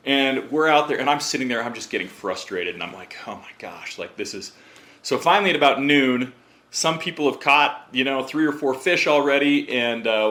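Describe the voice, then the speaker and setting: A man who is a podcast guest, telling a story in a casual, animated way and acting out what others said. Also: mid-range voice. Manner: animated, acts out quotes in other voices.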